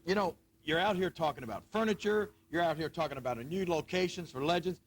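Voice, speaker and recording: A man's voice: a little high, fast, poor audio. A man cutting a brash, mocking live wrestling promo on TV.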